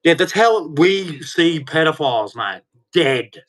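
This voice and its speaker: A man's voice: a little high, lively intonation, takes it slowly, a bit bright. A man delivering an angry, heated rant, swearing and speaking with hard emphasis. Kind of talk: angry ranting monologue.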